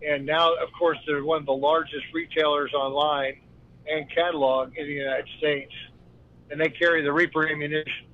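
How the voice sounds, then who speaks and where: A male caller phones in to a talk show and talks in a relaxed, friendly way, pausing on "uh" as he goes. His voice sits a bit high, and it comes through a muffled, lo-fi line. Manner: laid-back, friendly, hesitant with fillers. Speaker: call-in guest. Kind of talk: casual phone-in chat.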